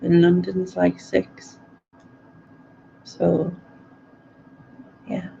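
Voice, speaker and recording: Mid-life Sunderland woman hosting a late live stream, slow and mellow, gravelly, rambling and giggly, dull home audio. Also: fairly low pitch, monotone, slight background noise. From North East England. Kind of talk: casual chat reading viewer comments.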